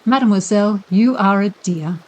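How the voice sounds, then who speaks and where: A woman's voice: mid-range voice, normal speed, a little mellow, lightly acted, poor audio. A woman reading the part of a charming schoolboy who talks very politely and earnestly.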